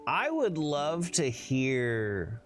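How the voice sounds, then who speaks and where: A man's voice: medium pitch, big pitch swings, drawn-out words, soft background music. A man with a thick Southern US accent chatting casually with viewers on a live stream, laid-back and rambling.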